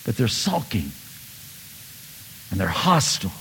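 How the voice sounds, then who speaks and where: A man's voice: lowish voice, a little slow, vocal fry, slight background noise. Man preaching in a reverberant hall. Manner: animated preaching with sudden loud bursts and soft asides. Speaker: pastor. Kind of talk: sermon.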